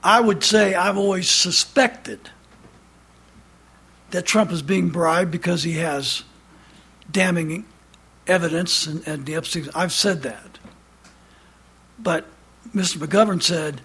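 A man preaching a fiery sermon, emphatic and loud, sometimes dropping to a low intense tone. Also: slow pace, pauses often, slightly rough. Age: has adult son.

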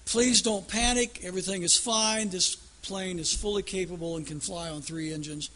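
A man playing an airline captain who calmly reassures his passengers over and over. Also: high-pitched, normal speed. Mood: reassuring. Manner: repeated soothing announcements.

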